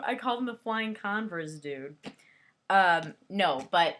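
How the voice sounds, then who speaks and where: A woman's voice: on the low side, normal speed, a bit bright. A young woman casually reviewing a book and its film, chatty and giggly, full of "like" and asides. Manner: giggly, chatty, heavy use of "like". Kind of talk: casual rambling video review.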